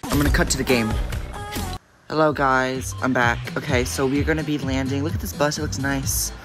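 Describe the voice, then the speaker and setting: A gaming video creator giving casual, excitable gameplay commentary, jumpy and prone to repeating panicked exclamations. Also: mid-range voice, moderate pace, music in the background.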